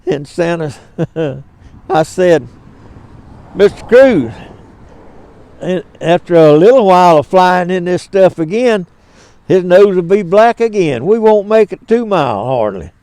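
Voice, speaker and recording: Slow, high-voiced older Southern storyteller. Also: male voice, expressive, a little mellow, dry recording. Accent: Southern US, Georgia. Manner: homespun drawl, chuckling asides. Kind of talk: folksy storybook reading.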